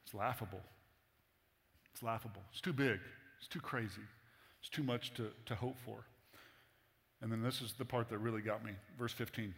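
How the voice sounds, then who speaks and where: A man's voice: on the low side, fairly even intonation, normal speed, gravelly, long pauses, fairly bright tone. Casual, joking preacher man in a hall. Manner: casual, humorous, conversational. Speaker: pastor. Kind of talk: sermon. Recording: long hall reverb.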